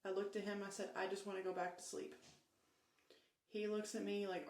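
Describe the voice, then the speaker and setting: A woman telling her own story in a plain, steady first-person way, quoting what others said. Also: mid-range voice, brisk, pauses often, echoey room, poor audio. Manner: plain, steady recounting with quoted dialogue.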